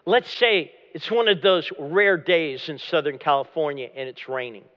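A man preaching a dramatic sermon as pastor, often dropping to a low hush at the end of a phrase. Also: moderate pace. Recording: long hall reverb, dull lo-fi sound.

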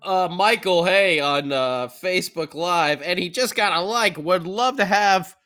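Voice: mid-range voice, measured pace, a bit bright, soft background music. A podcast co-host chatting about hockey and reading out viewer comments. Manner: laughing, reads out comments. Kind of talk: casual sports chat.

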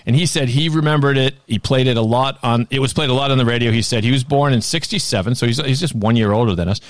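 A man's voice: mid-range voice, fast talker, no echo. A man in his fifties co-hosting a podcast in casual, rambling chat, laughing often. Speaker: podcast co-host.

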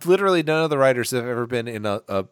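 A man's voice: mid-range voice, expressive, racing, clear, resonant tone, no room sound, clean studio sound. Jokey man riffing on a movie. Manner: jokey, acts out quoted characters in mock voices. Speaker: podcast co-host. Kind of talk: casual movie review chat.

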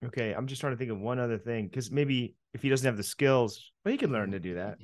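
A man's voice: medium pitch, lively intonation, quick pace, no room sound, studio quality. A man co-hosting a comedy podcast in casual chat, hesitant and playful as he sets up comic bits. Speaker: podcast co-host.

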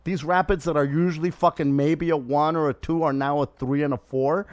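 A man's voice: fairly high pitch, fairly quick, no room sound, highs cut off. A man hosting a podcast, telling a story in casual chat, full of swearing and acted-out quotes. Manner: profane animated storytelling, acting out quotes. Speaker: podcast host.

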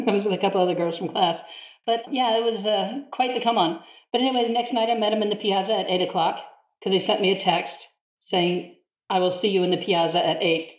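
A woman telling a story in a casual chat, animated and quick to laugh, now and then acting out the people she quotes. Her voice sits in the middle of the range. The room adds a noticeable echo. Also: mid-range voice. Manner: animated, laughs often, mimics others in quotes. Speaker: guest. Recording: roomy echo.

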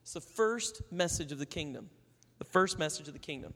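A man's voice: fairly high pitch, animated, a little fast, a bit bright, in a large hall. A man preaching a sermon in a conversational way, telling stories and acting out the people in them. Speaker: pastor.

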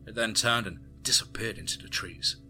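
A man narrating a first-person adventure story in a steady storytelling manner. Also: on the low side, moderate pace, soft background music.

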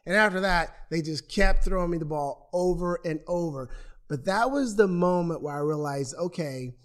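In an interview, a man whose voice is a little high tells his own stories at a moderate pace, animatedly performing what others said. He's from Portland, Oregon and used to be an athlete.

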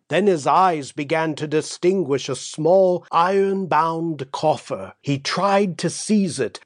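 A male audiobook narrator tells a classic tale in a measured, dramatic way. His voice sits a little high and moves slowly, with every line weighed. The recording is dry and close, with no room sound. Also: no room sound.

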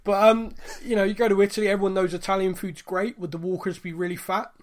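A man's voice: high voice, level tone, quick pace. A man co-hosting a podcast, chatting casually and teasing his co-host in mock-scolding tones.

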